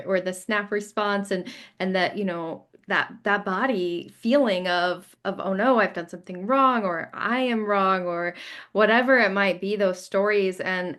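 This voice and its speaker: A woman's voice: mid-range voice, fairly bright tone. A woman hosting a podcast, reflecting aloud and repeating words as she thinks. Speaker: podcast host. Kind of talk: podcast interview.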